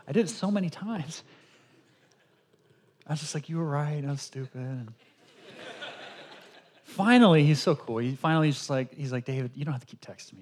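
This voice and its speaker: A male pastor preaching a sermon, telling stories with animated quoted dialogue. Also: a little high, slightly rough.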